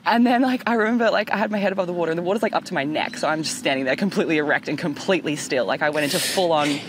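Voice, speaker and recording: A woman hosting a podcast outdoors by the water, telling an animated story, swearing and acting out voices. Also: fairly low pitch, rapid-fire, noisy background. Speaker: podcast host. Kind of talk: casual storytelling chat.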